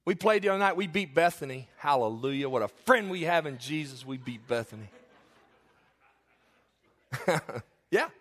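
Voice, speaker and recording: A man's voice: a little high, animated, moderate pace, long pauses, a bit bright. A male pastor preaching a sermon in church, telling confessional, humorous stories to his congregation.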